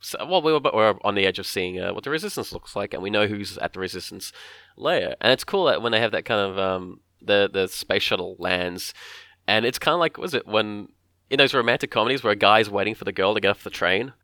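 A man casually talking through a film scene by scene, often acting out characters' lines in quick voices. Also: on the low side, bright, forceful tone, no room sound, studio quality.

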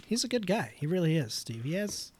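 A man's voice: high-pitched, very animated, fairly quick, darkish tone, slightly rough. A man co-hosting a casual podcast, chatting in a laid-back way about a director and a film. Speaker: podcast co-host. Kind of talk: casual movie recap chat.

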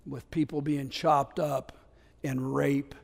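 A man preaching a sermon as pastor, animated and conversational, acting out scripture voices and slipping into casual asides. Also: medium pitch, slow, gravelly. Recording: long hall reverb.

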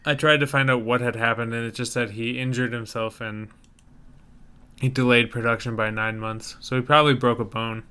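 A man's voice: medium pitch, little pitch movement, normal speed, pushed and bright, smooth. A young man co-hosting a podcast, chatting casually with dry, self-deprecating humor. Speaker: podcast co-host. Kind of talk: casual chat.

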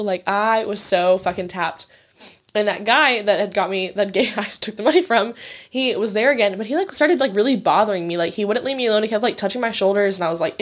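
A woman's voice: mid-range voice, fairly quick. Woman, twenties, casual storytelling, chatty, swears a lot, acts out quotes.

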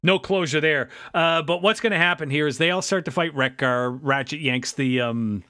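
A man co-hosting a podcast, recapping a cartoon episode in casual chat and slipping into quick character voices for quotes. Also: fairly high pitch, no echo, clean studio sound. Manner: animated, jumps into quick character voices when quoting. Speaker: podcast co-host.

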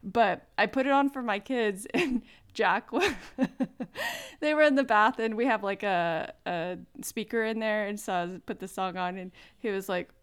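A woman in her thirties co-hosts a casual podcast. Her voice is smooth and resonant at a middling pitch, and she rambles along with plenty of fillers and laughter. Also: lively intonation, measured pace. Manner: chatty, lots of fillers and laughter. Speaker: podcast co-host. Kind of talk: casual chat.

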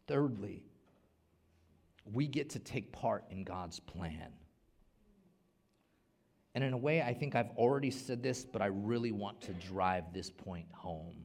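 A middle-aged male pastor delivers a sermon, swinging widely between loud and soft and repeating words as he builds toward a point. His voice is lowish, creaky, and husky.

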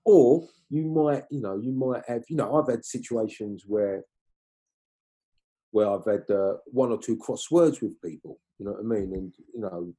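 A man's voice: on the low side, normal speed, mellow, breathy edge. A middle-aged man, talking loosely in an interview and asking "you know what I mean" after nearly every point. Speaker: film crew guest. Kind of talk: casual interview chat.

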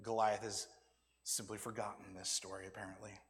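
A man's voice: fairly low pitch, fairly quick. Man preaching in an echoing hall. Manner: animated preaching, dropping to hushed asides and whispers. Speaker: pastor. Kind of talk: sermon. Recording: long reverb of a church hall.

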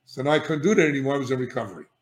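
Older male guest, candid storyteller, emphatic with many restarts, mid pitch, roomy echo. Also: very fast. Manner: animated and emphatic, frequent restarts and "all right?" check-ins. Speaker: guest, addiction therapist. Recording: echoey room.

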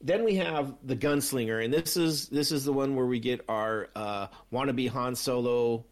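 A man's voice: medium pitch, moderate pace. A man co-hosting a casual chat about a TV series, telling stories animatedly with many restarts. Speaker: podcast co-host.

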